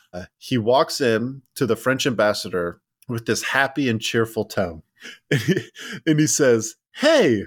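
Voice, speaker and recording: A man's voice: medium pitch, dry recording, studio quality. A man co-hosting a casual history podcast, rambling with many fillers and restarts. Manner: rambling, lots of "like" and restarts, laughs at ironies. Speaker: podcast co-host.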